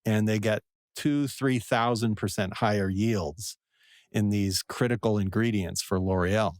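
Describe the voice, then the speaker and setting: A man's voice: lowish voice, steady tone, unhurried, a little mellow, no echo, clean studio sound. A man, a venture investor and professor, answering interview questions in a digressive, self-deprecating way.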